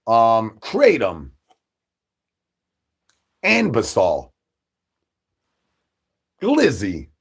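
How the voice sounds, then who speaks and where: A man's voice: mid-range voice, wildly swooping pitch, extremely slow, long pauses, husky. A man livestreaming, rambling crude jokes and talking straight to his chat in a repetitive, joking way. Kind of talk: rambling crude stream banter.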